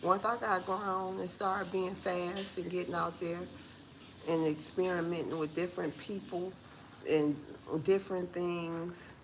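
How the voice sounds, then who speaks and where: A woman in her forties talks to her viewers from home in a casual morning vlog. Her voice is gravelly with fry and sits on the low side, her manner earnest and a bit preachy. Faint room noise hums behind her. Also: steady tone, a little slow, poor audio. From Detroit, USA. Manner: heartfelt, preachy, talks straight to viewers as y'all. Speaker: vlogger.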